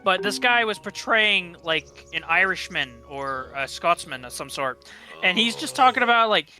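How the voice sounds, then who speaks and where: High-voiced young man chatting over gameplay. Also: expressive, moderate pace, pushed and bright, soft background music. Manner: rambling, filler-heavy, swearing. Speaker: gaming channel host. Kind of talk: casual gameplay commentary. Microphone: desktop gaming microphone.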